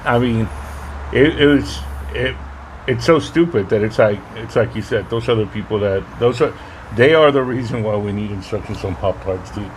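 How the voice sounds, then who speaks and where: A man's voice: on the low side, normal speed, slight background noise, poor audio. A man in his forties with a parent's life, chatting laid-back on a podcast and swearing casually. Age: 40s. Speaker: podcast co-host. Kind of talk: casual chat.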